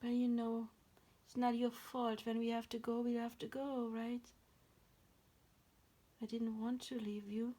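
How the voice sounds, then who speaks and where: A woman voicing the spirit of a departed spouse, speaking softly, tenderly and consolingly in a channeled message. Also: on the high side, little pitch movement, unhurried.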